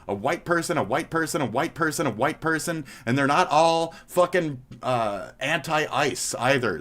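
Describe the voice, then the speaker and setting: A man's voice: a little high, bright, forceful tone. A man from Minnesota, live-streaming and reacting to clips, talking in a blunt, profane way. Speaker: livestreamer.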